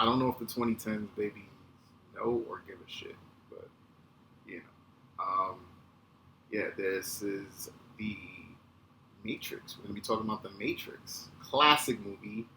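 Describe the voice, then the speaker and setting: A man in his thirties hosting a podcast, telling a casual, animated, profane story. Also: lowish voice, measured pace, long pauses. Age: 30s. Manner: animated, profane, acts out quotes. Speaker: podcast host. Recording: echoey room with faint ambient noise.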